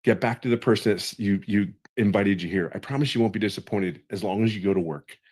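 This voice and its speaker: A man's voice: on the low side, fast, darkish tone, husky. Man in his fifties, earnest and pleading, repeats himself for emphasis, video call audio. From California. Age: 50s. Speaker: testimonial speaker on a webinar. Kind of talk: emotional motivational testimonial.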